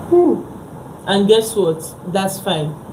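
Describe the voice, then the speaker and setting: A woman's voice: lowish voice, unhurried. A woman hosting a motivational live talk, pressing her points by repeating short phrases over and over. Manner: emphatic, repeats phrases for stress. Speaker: livestream host. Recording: echoey room with background noise.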